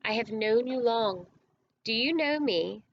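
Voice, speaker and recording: A woman voicing a solemn, kingly male lion who speaks in a grave, measured, commanding way, read from a storybook. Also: a little high, animated, highs cut off, slight background noise. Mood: gentle.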